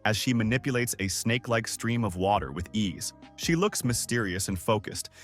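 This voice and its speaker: A man narrating a manga recap in scripted, expressive storytelling style. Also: lowish voice, normal speed, soft background music.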